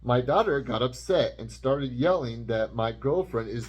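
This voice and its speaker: A man co-hosting a podcast, reading a post aloud in a deadpan way during casual chat. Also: medium pitch, measured pace, hardly any pauses, a little hiss or hum. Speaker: podcast co-host.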